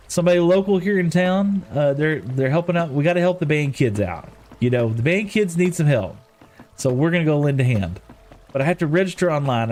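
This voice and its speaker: A middle-aged man chats casually while gaming on a live stream, telling rambling stories punctuated by chuckles. His voice is medium-pitched with a darkish tone.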